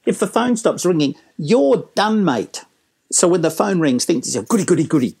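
A middle-aged man, a business trainer telling lively stories and acting out quotes in a casual interview. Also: high-pitched, normal speed, creaky, slightly rough. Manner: animated storyteller, acting out quotes.

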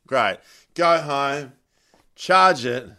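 A stand-up comedian draws out his words in a mid-range voice, recorded with a little hiss or hum. Chatting casually on a podcast, he animatedly relates a long anecdote and laughs partway through.

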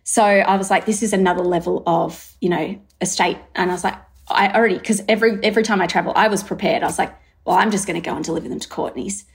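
An Australian woman, a brand founder, telling a long story in an interview, acting out her thoughts with lively quoted asides. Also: lowish voice, fast. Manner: lively, acts out her own thoughts in quotes, many fillers. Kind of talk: animated storytelling in conversation.

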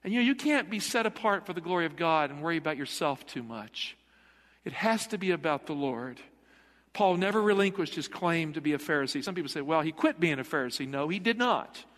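A man's voice: on the high side, lively intonation, a little fast, fairly bright tone. A middle-aged male pastor preaching a sermon in a church, emphatic and putting rhetorical questions to the congregation. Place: church sanctuary. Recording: long hall reverb.

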